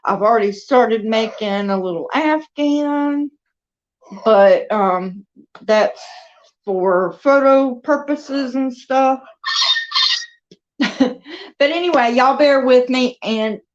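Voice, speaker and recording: A woman's voice: fairly high pitch, slow pace, long pauses. A woman chatting casually with her viewers from her dining room at home, stopping now and then to talk to her pets. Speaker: crafter and video host. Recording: dull lo-fi sound.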